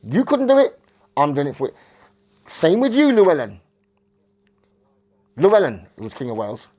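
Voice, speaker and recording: Man, rambling monologue, self-correcting, somewhat high pitch. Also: wildly swooping pitch, normal speed, darkish tone. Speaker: vlogger.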